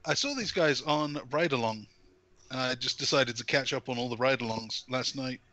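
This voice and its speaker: A man co-hosting a casual podcast, with a dry, teasing way of talking. His voice is bright and forward at a middle pitch. He often laughs along with his partner. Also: normal speed, no room sound. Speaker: podcast co-host. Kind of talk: casual wrestling chat.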